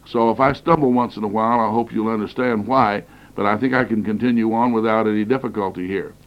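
A man's voice: on the low side, fairly even intonation, quick pace, dull audio. A man recovering from the flu, coughing now and then, giving an earnest, emphatic lecture on Bible prophecy that stresses points by repeating phrases, recorded on a cassette tape.

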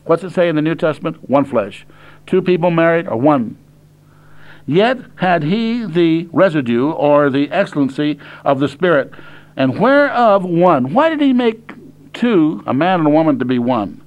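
An older man preaches in a high, lifted voice. He reads scripture slowly and deliberately, then breaks it down in plain, direct words for his listeners. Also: expressive, darkish tone, dull audio. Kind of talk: sermon reading and explaining scripture.

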